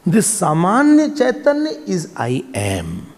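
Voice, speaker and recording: Animated Indian swami in a reverberant hall. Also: male voice, sits high, slow. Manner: animated, switching between English and Hindi. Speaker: swami, spiritual teacher. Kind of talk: spiritual discourse with storytelling.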